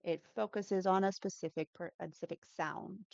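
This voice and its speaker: A woman's voice: on the low side, fairly even intonation, moderate pace, gravelly, a little mellow, dry recording, dull audio. A woman who teaches English pronunciation, chatting as an interview guest with lots of fillers and self-corrections. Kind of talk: casual interview answers.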